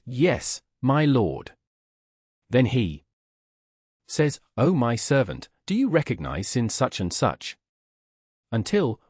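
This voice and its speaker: A man narrating an audiobook in a solemn, measured reading voice, voicing the quoted speakers as he goes. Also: medium pitch, a little mellow, breathy edge, no room sound, studio quality.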